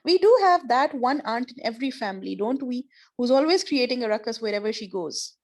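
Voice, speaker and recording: A woman's voice: fairly high pitch, animated, fairly quick, darkish tone. A woman teaching an online class over a video call, explaining words patiently with examples and encouraging her students.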